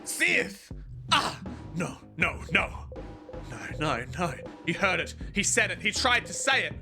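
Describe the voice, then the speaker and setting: A streamer playing a story game live, reading its narration aloud with dramatic flair and breaking into loud, excited outbursts. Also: mid-range voice, moderate pace. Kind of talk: live let's-play commentary, reading game text aloud. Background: game music.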